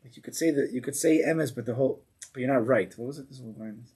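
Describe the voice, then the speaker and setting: Husky man teaching an animated Torah class. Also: medium pitch, fast talker. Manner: animated, mimics angry people in raised voice.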